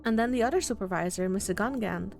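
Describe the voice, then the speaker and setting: A woman's voice: mid-range voice, fast, creaky, soft background music, lightly acted. A woman voicing an earnest, worried young man in a visual novel. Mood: upset. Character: earnest, anxious young man in his twenties.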